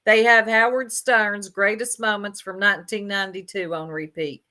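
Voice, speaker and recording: A woman's voice: mid-range voice, fairly even intonation, moderate pace, pushed and bright. A woman giving casual reaction commentary, blunt and sarcastic, laughing often and talking straight to her chat.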